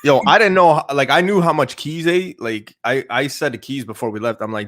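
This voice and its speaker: A man's voice: mid-range voice, brisk, fairly bright tone. A man from Canada hosting a casual livestream chat, joking and loose with lots of fillers. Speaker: livestream host.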